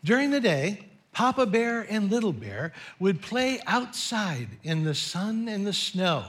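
A man's voice: high voice, sing-song, measured pace, a bit bright. A middle-aged man preaching a sermon as pastor, telling a story in a playful way.

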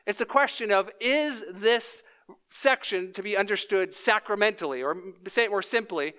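A man delivers a sermon from the pulpit, walking through his argument in a steady, explanatory way. His voice sits high for a man and comes across smooth and crisp. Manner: explanatory, measured preaching with occasional fillers. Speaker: pastor.

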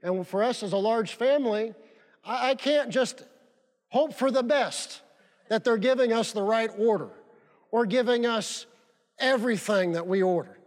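A man's voice: extremely high pitch, normal speed. A male pastor preaching a sermon, emphatic and fond of repeating key phrases for stress. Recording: long reverb of a large hall.

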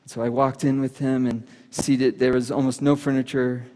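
A man preaching a sermon, telling a personal story earnestly and dropping to a hush at solemn moments. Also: medium pitch, little pitch movement, moderate pace. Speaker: pastor. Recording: reverberant hall.

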